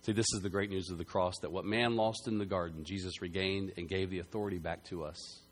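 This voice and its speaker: A man preaching a sermon, telling a story with loud bursts that drop to quiet, earnest passages. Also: low-pitched, steady tone, fast. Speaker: pastor.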